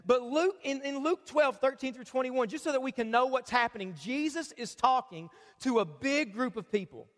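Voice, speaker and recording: A man's voice: extremely high pitch, expressive, normal speed, few pauses, fairly bright tone, big-room sound. A man pastor preaching a conversational sermon to a church crowd, joking and getting them to read along. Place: church auditorium.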